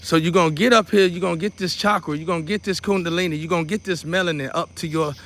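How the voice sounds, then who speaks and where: A man with a fairly high voice leads a guided meditation in a loose, chatty way. He repeats his steps over and over and slips in preacherly asides as he teaches. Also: fairly even intonation, fast talker, a bit bright. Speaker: spiritual teacher.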